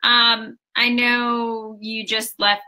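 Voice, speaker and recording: A woman's voice: a little high, level tone, drawn-out words, pushed and bright, rough recording. A young woman hosting an interview, giving brief friendly responses and asking questions. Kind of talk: interview conversation.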